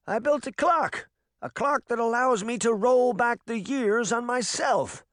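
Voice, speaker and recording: A man's voice: very high-pitched, measured pace, fairly bright tone, no echo, clean studio sound, voice pushed up. A man voicing an elderly man turning young, speaking tenderly and with determination in a raised voice. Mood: earnest.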